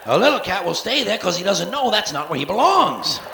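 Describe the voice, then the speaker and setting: Sarcastic profane comic guy, slightly high gravelly voice, echoey 80s live theater recording off the board. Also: very animated, brisk, noisy background. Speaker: stand-up comedian. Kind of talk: live stand-up routine. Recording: soundboard live recording in a roomy theater, 1980s.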